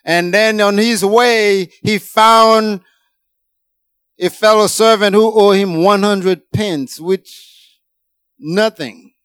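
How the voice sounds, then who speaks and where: Male preacher, sermon delivery, unhurried and deliberate, dry close sound, emphatic swings up and down. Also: fairly bright tone, clear, resonant tone, no room sound. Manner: emphatic, rising to exclamations then dropping low.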